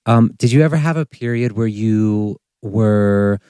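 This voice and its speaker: A man's voice: on the low side, measured pace, dark tone, clean tone, dry recording. A man hosting a podcast, asking reflective questions and encouraging his guest. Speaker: podcast host. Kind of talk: interview questions.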